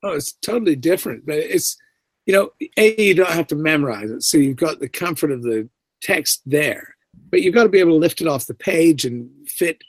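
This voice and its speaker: A male actor chats as a guest, spinning anecdotes with animated energy and slipping into the voices of the people he quotes. His voice sits a bit high for a man. The sound is close and dry, with no room around it. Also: fairly quick, no echo. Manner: animated, acts out quoted lines, many fillers. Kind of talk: casual interview storytelling.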